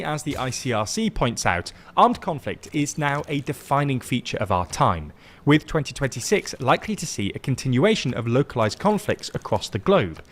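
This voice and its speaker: A man narrating a scripted news roundup in a measured, formal way. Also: medium pitch, fairly bright tone.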